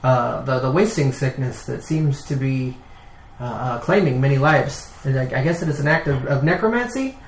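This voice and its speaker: A man's voice: mid-range voice, normal speed, slight background noise. A man playing a tabletop game, talking hesitantly with many fillers, recorded in a roomy space. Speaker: player.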